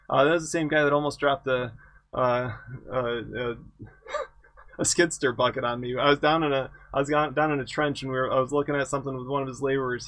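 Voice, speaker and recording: A man's voice: medium pitch, fairly bright tone, no echo. A middle-aged man lecturing an engineering exam review, conversational and self-correcting, with wry humor about past projects. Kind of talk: lecture with anecdotes.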